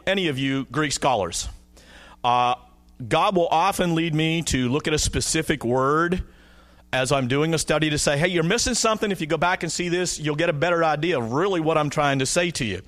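A man delivers a verse-by-verse sermon, talking to his congregation in a chatty way and checking in with quick questions. His voice sits on the higher side and swings widely in pitch. He slows down when reading scripture aloud. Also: fairly bright tone. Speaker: pastor. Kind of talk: sermon, verse-by-verse Bible teaching.

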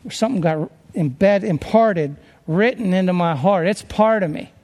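A man's voice: high-pitched, normal speed, darkish tone, in a large hall. A man preaching a conversational sermon, rambling a little and restarting his sentences as he works through scripture.

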